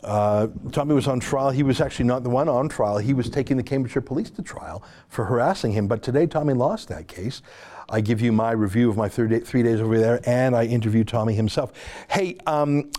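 Canadian male podcast host, brisk and chatty, mellow low-toned voice. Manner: brisk, chatty, self-mocking. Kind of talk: podcast monologue and field report.

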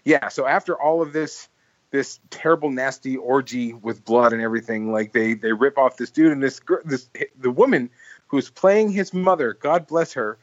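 A man's voice: medium pitch, normal speed, no room sound. Podcast host, man, rambling storyteller, dry slightly dull recording. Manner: rambling, full of "like" and restarts, laughs while telling stories. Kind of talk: casual storytelling chat.

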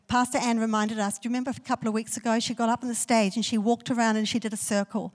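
A woman pastor preaching a story-driven sermon that swells into loud, declaring prayer. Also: a little high, flat delivery, quick pace. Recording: long hall reverb.

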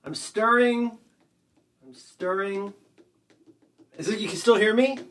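A man in casual chat, rambling and joking as he narrates what he is doing, talking loud from across the room. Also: high-pitched, fairly even intonation, slow. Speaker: podcast co-host. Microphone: headphones, talking loud from across the desk.

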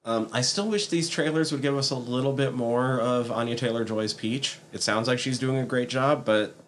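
A man co-hosting a casual movie podcast, giving measured opinions. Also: medium pitch, fairly even intonation, a little hiss or hum. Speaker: podcast co-host. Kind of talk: casual chat.

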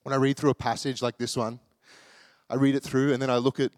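A man's voice: mid-range voice, flat delivery, quick pace, a little mellow, dry recording. Chatty man preaching, dry sound. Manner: chatty, self-deprecating, acts out the people in the story. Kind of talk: casual sermon.

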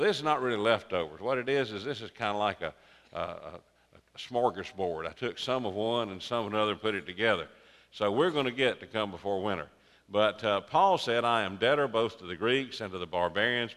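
An older man preaching a sermon as pastor, in a folksy, unhurried way that builds to emphatic peaks. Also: lowish voice, fairly bright tone. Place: church sanctuary. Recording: long reverberant sanctuary.

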